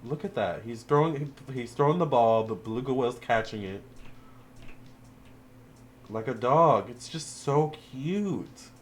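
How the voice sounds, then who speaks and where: A man's voice: medium pitch, normal speed, long pauses, slight background noise. Chatty man giving a tarot reading. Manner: chatty and emotional, addresses viewers as y'all and child. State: teary-eyed. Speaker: tarot reader. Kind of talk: casual tarot reading video.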